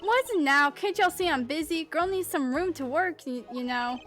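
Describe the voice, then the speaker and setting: A woman's voice: high voice, lively intonation, normal speed, fairly bright tone, faint music behind. Woman putting on a brash drawling photographer gal. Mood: brash, pushy. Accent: put-on Southern drawl. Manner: slangy, drawling, pushy. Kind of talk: game voice-acting.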